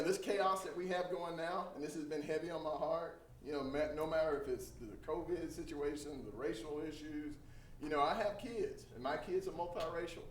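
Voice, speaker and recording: A middle-aged man from Texas, a trainer giving a lively storytelling talk to a group. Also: on the high side. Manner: animated storyteller, acts out quoted voices. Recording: echoey room from a distance, faint hum.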